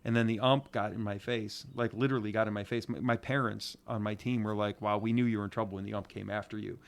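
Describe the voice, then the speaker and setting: A middle-aged man from Ohio with a Northeast Ohio accent, co-hosting a podcast and telling a casual story as a youth softball coach, acting out the quotes. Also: on the low side, quick pace, gravelly. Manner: animated, acts out quotes.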